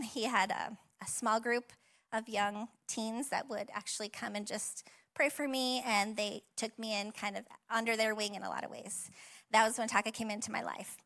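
Bright-voiced woman pastor, tearful and tender. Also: a little high. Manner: emotional, tearful at times, warm and encouraging; conversational with frequent fillers and laughs. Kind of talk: personal testimony sermon. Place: church auditorium.

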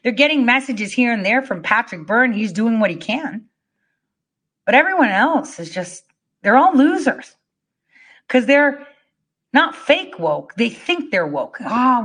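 A woman's voice: medium pitch, slightly rough. A woman giving a fired-up, profane monologue, rallying her listeners and telling stories with emphatic swings in her delivery. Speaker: political speaker. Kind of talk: impassioned monologue.

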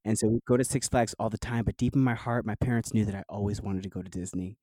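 A man's voice: fairly low pitch, fast, no room sound, rough recording. A man from New Jersey, a guest telling childhood stories in a casual interview, laughing often and filling with "like". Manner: animated storyteller, laughs often, fillers like "like".

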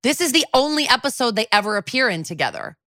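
A woman co-hosting a casual podcast who jumps in with blunt reactions. Her voice is bright and forceful, and its pitch swings widely. The sound is dry and close. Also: very animated, fast, dry recording. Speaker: podcast co-host. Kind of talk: casual chat.

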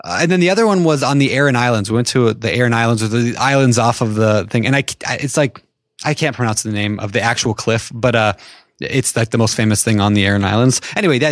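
Fast-talking man from Minnesota. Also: medium pitch, no room sound, studio quality. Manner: chatty, enthusiastic. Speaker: podcast co-host. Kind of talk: casual podcast chat.

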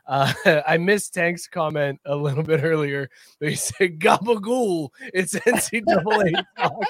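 A man's voice: on the high side, unhurried, dry recording, clean studio sound. A man hosting a casual sports podcast who reads listener comments aloud and laughs often between points.

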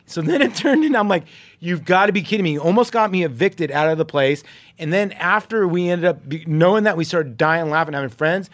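A man's voice: high voice, fairly quick, no echo. A man telling a long story on a podcast, jumping into the voices of the people he quotes, with plenty of ums. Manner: animated, acts out quoted voices, many ums. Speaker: podcast co-host, former baseball player. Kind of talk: casual storytelling.

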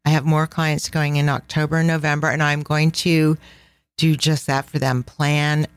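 A woman's voice: sits low, flat delivery, moderate pace, clean tone, dry recording. A middle-aged woman hosting a casual travel podcast, enthusiastic and laughing often, dropping in Italian phrases. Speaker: podcast host and travel planner.

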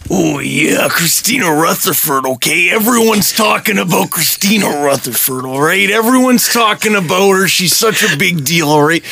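A man putting on the voice of a boastful pro wrestler cutting a shouted promo, ending lines with "okay?" and "all right?". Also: high voice, animated, normal speed, gravelly, hardly any pauses, slight background noise, exaggerated voice. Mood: boastful, shouting.

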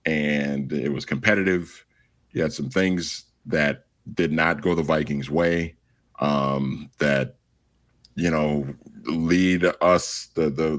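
A man with a deep, low voice joins a sports podcast as a guest over a headset mic. He thinks out loud, circling his point with fillers as he goes. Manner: thoughtful, searching with many fillers. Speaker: podcast guest, radio host. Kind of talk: casual sports podcast chat. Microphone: headset microphone.

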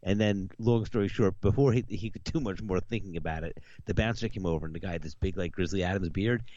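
A man co-hosting a podcast in casual chat, telling a lively story and acting out the people in it. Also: low-pitched, fast talker, no room sound, highs cut off. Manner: animated storyteller who acts out the people in his anecdotes. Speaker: podcast co-host.

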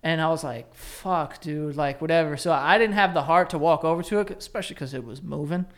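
A young man co-hosting a podcast, reading sponsor ads and telling animated stories with frequent laughter and casual swearing. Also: a little high, quick pace. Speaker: podcast co-host. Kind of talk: casual chat and ad reads.

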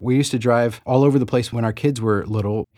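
A man's voice: mid-range voice, brisk, mellow, no room sound, clean studio sound. A middle-aged man from the American South, an author talking in a chatty, self-deprecating way about recording his audiobook, with small laughs. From Southern United States. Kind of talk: reflective interview monologue.

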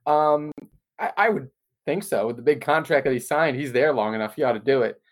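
A man's voice: mid-range voice, brisk. A man co-hosting a podcast who chats casually and slips in wry, joking asides. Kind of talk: casual sports talk.

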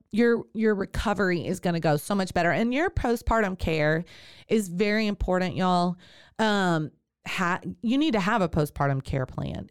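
A woman's voice: on the low side, clear, resonant tone, dry recording, studio quality. A woman, hosting a podcast and telling a personal birth story, then giving chatty advice straight to her listeners. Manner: chatty, with fillers and direct address to listeners. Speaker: podcast host and birth worker.

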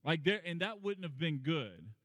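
Fairly high-voiced preaching man, climbing emphasis. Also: big pitch swings, normal speed, a bit bright, no room sound, big-room sound. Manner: conversational preaching that climbs in pitch and volume for emphasis. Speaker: pastor. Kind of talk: sermon.

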